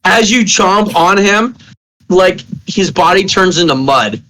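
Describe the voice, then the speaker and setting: A man's voice: high voice, animated, slow pace, bright, forceful tone, low-quality recording. A man running a tabletop role-playing game as game master, who often stammers and laughs as he narrates.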